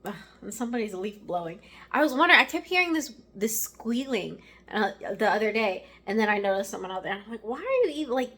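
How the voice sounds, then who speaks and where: A woman's voice: mid-range voice, lively intonation, fairly quick, few pauses, pushed and bright. A woman hosting a casual vlog, chatting to viewers in a rambling, friendly way and calling them y'all and guys. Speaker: vlog host. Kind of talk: casual vlog chat to camera.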